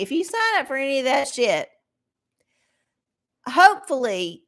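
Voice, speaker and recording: A woman's voice: mid-range voice, a bit bright. A middle-aged woman reading oracle answers on a live stream, rambling, swearing and sarcastic. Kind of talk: casual live-stream chat.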